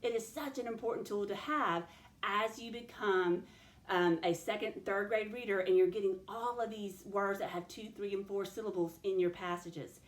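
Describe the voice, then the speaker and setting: Woman teacher, clear and methodical, speaking to students in a roomy space. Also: mid-range voice, moderate pace. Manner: clear, step-by-step instructional delivery, addressing students directly. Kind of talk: recorded classroom phonics lesson. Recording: roomy echo.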